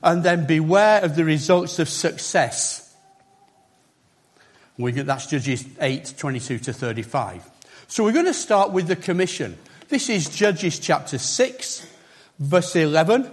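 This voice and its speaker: Husky-voiced man preaching a lively sermon. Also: fairly high pitch, unhurried. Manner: conversational, emphatic with asides.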